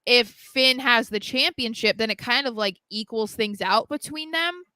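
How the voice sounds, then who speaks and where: A woman's voice: fairly high pitch, moderate pace, sharp tone, no room sound. A woman co-hosting a wrestling podcast, chatting casually and often restarting her sentences. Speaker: podcast co-host.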